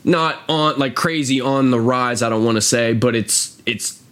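A man hosting a casual podcast chat, swearing often and acting out quotes in a high voice. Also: normal speed, a bit bright, clear, resonant tone. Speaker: podcast host.

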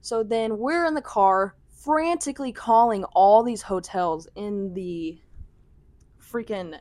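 A woman's voice: mid-range voice, takes it slowly, a little mellow, no echo. A young woman telling a rambling vlog story in a chatty, casual way, full of "like". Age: young adult. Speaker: vlogger.

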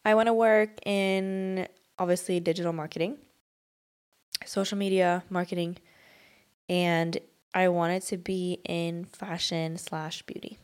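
Young woman, low-voiced and chatty. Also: fairly even intonation, measured pace, darkish tone. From Sweden. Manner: easygoing, playful, chatty. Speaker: podcast co-host. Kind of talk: casual chat.

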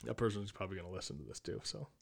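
A man's voice: deep voice, lively intonation, racing, gravelly. A tired young man co-hosting a podcast, telling a crude story in casual chat and laughing often. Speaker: podcast co-host.

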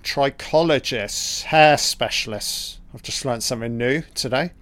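Slow, profane man reacting to a film. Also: medium pitch, fairly bright tone, no echo. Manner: profane, chatty reactions to the screen. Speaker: film commentator. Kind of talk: casual film watch-along commentary.

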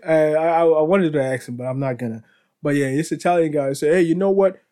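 A man's voice: a little high, lively intonation, normal speed, a little mellow. A man hosting a podcast, telling casual stories in a rambling way with restarts, laughter and "bro". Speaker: podcast host. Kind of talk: casual storytelling.

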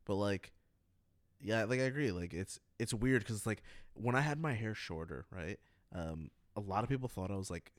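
A young man from the Middle East talks casually in a fairly low voice. He is relaxed and loose, and his speech is full of fillers. The sound is close and dry. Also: moderate pace, dry recording. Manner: laid-back, lots of "like" fillers. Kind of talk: casual chat.

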